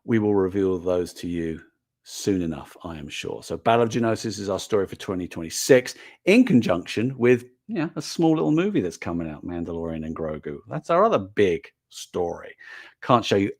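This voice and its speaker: A man's voice: low-pitched, big pitch swings, brisk, darkish tone. An older man, talking casually and earnestly to viewers on a live stream as a toy brand manager, with frequent fillers and restarts.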